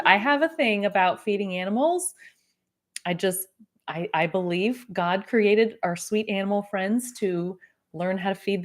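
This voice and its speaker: Chatty woman hosting a podcast. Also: mid-range voice. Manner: chatty and self-correcting, with light laughter. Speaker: podcast host. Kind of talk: casual solo podcast, reading live comments aloud.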